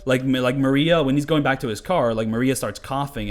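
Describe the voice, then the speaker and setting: A man's voice: mid-range voice, fairly even intonation, brisk. A young man talking loosely over gameplay as a commentator, rambling and swearing, with many filler words. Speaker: gaming commentator. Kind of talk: casual game commentary.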